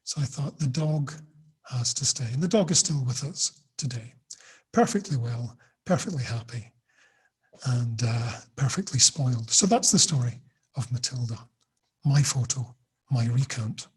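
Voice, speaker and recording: A man's voice: medium pitch, lively intonation, a little slow, husky. A middle-aged man teaching an online class, explaining and telling a personal story with examples. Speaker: teacher trainer.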